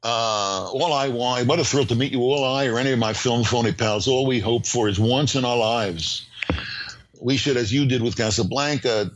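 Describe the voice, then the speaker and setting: An older man, a screenwriting professor, talking as a podcast guest in an animated, emphatic storytelling way with frequent fillers and restarts. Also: medium pitch, normal speed, poor audio. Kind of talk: podcast interview.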